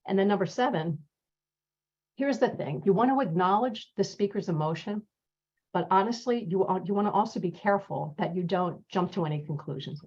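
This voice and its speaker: Husky, low-set woman presenter, animated, laughs easily, muffled call audio. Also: quick pace. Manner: lively, laughs often, acts out example lines. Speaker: speaker on listening skills. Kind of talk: webinar talk.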